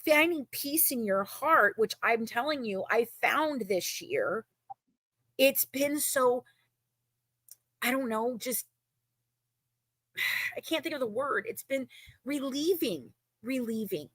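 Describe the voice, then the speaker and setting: A woman's voice: a little high, animated, slow pace, pauses often, a bit bright, breathy edge, no room sound. A woman talking emotionally and emphatically in a casual chat, often repeating herself.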